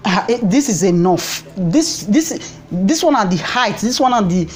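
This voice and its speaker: A woman's voice: medium pitch, lively intonation, measured pace, husky. A woman from Nigeria with a Nigerian Pidgin English accent, giving impassioned political commentary to camera as a vlogger, fervent and pleading, repeating phrases for emphasis.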